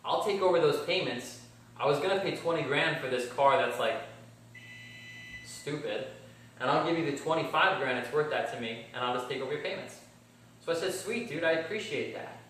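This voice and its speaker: A man's voice: mid-range voice, bright, forceful tone. A man telling a car-buying story in a casual vlog, blunt and swearing, acting out both sides of his conversations. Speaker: car vlogger. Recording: very echoey room, mic at a distance, faint background hum.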